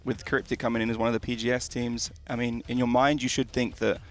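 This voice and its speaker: A man's voice: medium pitch, level tone, fast talker. A man with a British accent, giving casual, friendly esports analysis at a live desk.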